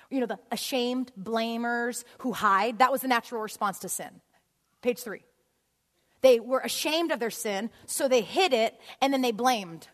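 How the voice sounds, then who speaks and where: A woman giving a storytelling sermon in a church auditorium, animated and laughing often as she acts out scenes. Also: fairly high pitch, measured pace. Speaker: guest speaker. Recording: long hall reverb.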